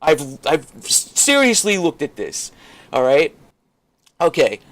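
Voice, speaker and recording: A frustrated man vents in an unscripted vlog rant, his voice pitched somewhat high. He swears constantly and rambles, restarting sentences as he goes. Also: wildly swooping pitch, slow pace, a bit bright. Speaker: crypto vlogger.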